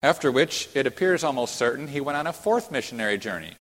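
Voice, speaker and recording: A man's voice: medium pitch, lively intonation, fast talker, a bit bright. A man teaching a Bible lesson as a sermon, explaining the passage step by step, reading quotes aloud and pointing to a map. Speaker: preacher teaching a Bible study. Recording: long hall reverb.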